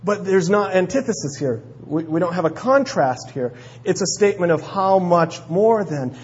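Husky man preaching emphatically. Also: normal speed, lo-fi sound. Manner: emphatic, swings between loud stresses and low endings. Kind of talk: sermon.

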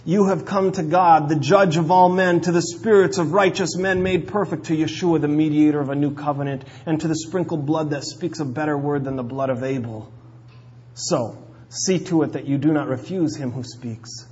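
A man preaching a sermon in an emphatic way, pressing key words hard and dropping low at the ends of phrases. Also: moderate pace, husky, highs cut off. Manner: emphatic, swings between loud stresses and low endings.

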